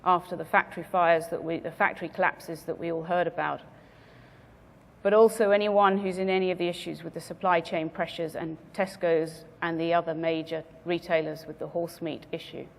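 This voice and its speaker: A woman speaker giving a measured business presentation to a conference audience, stressing her key words. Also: lowish voice, fairly even intonation, gravelly, long reverb tail. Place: conference venue.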